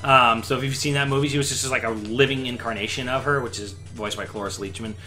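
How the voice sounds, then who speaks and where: A man's voice: medium pitch, fairly even intonation, fast talker, bright, forceful tone, soft background music. A young man in casual chat, telling a vacation story in a rambling, laid-back way full of fillers.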